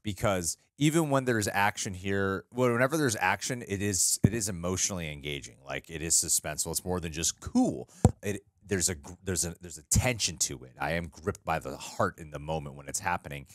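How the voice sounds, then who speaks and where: A man's voice: low-pitched, a little fast, no room sound, clean studio sound. A man co-hosting a movie reaction show, talking casually and animatedly, often restarting his sentences and laughing. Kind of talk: casual chat.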